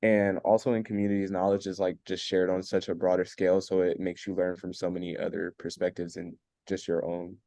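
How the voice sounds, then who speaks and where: A man's voice: sits low, level tone, brisk, few pauses, warm tone, dry recording. A young man student talking in class over a video call, hesitant and full of fillers. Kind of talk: class discussion comment.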